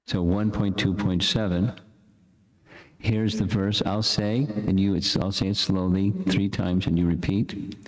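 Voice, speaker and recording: Slow, deep-voiced older man teaching scripture. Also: flat delivery. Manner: slow, chanting verses for the room to repeat; casual, halting lecture with restarts. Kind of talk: scripture class with call-and-response chanting. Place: lecture hall with an audience. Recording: echoey lecture room.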